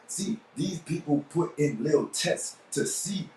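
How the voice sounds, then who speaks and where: A man's voice: fairly high pitch, expressive, a little slow, dark tone, a little hiss or hum. A young man with a New Orleans accent hosting a podcast, rambling in a blunt, profane monologue and checking in with "you see what I'm saying". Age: young adult. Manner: blunt, profane street talk. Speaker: podcast host. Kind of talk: casual monologue. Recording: roomy, distant mic with faint ambience.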